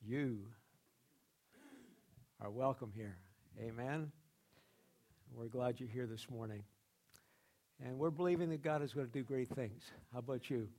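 A man preaching a sermon as pastor, rambling with many restarts and fillers, and acting out quoted people in a higher, louder voice. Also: a little slow, pauses often.

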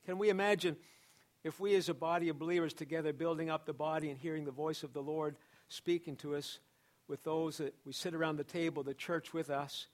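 A pastor preaching a sermon to his church, building emphasis through repeated phrases. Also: on the high side. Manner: preaching with repetition and rising emphasis.

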